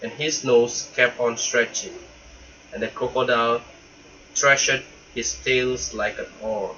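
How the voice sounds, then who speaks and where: Male storyteller, storybook read-aloud, slow and bright, lo-fi sound. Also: medium pitch, fairly even intonation, slight background noise. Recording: dull lo-fi recording.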